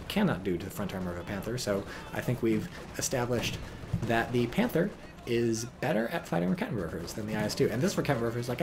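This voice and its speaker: A man's voice: mid-range voice, noisy background. A man commentating a strategy game on a live stream, joking and rambling while reading out chat.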